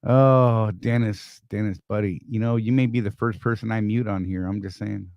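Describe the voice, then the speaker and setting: A man's voice: fairly low pitch, fairly even intonation, moderate pace, creaky, dry recording, highs cut off. An older man co-hosting a casual live stream, joking, teasing and greeting viewers by name.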